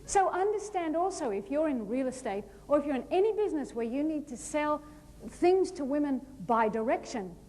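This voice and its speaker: Lively woman speaking on stage. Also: high voice, normal speed, a little hiss or hum. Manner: lively, animated, playful storytelling with acted-out asides. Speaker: motivational speaker. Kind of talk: humorous keynote talk on stage. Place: large hall before a live audience.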